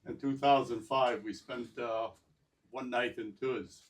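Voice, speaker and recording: A man hosts a memorial gathering, speaking haltingly with frequent filler pauses in a middle-pitched voice. He is heard from some distance off the mic. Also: fairly even intonation. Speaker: event organizer and host.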